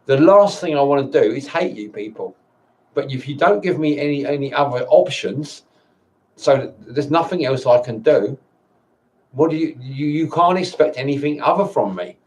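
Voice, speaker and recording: A man in a personal video monologue, tired and upset, talking in halting bursts with repeated words and frequent swearing. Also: mid-range voice, animated, a little mellow. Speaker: vlogger. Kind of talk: emotional personal monologue to camera.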